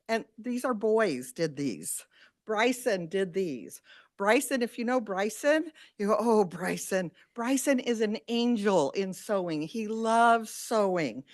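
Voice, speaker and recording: A woman who teaches after-school sewing, giving an animated, chatty public comment at a school board meeting. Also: medium pitch, slow pace. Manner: animated, chatty, quotes the kids.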